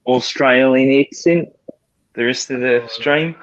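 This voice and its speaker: A man's voice: medium pitch, takes it slowly. A man chatting casually on a live stream, joking and often trailing off mid-sentence. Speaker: stream co-host. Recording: dull lo-fi stream audio.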